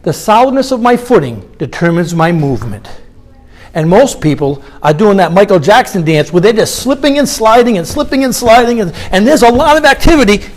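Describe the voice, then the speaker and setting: A middle-aged man giving a live motivational talk with a guided meditation, questioning the audience as he goes. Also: high voice. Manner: animated, engages audience with questions. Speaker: motivational speaker. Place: conference hall.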